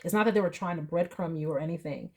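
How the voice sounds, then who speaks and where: Low-voiced woman giving a chatty tarot reading. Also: fast, slight background noise. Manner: emotional, earnest, chatty with laughs and asides. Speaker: tarot reader. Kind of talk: casual tarot reading monologue.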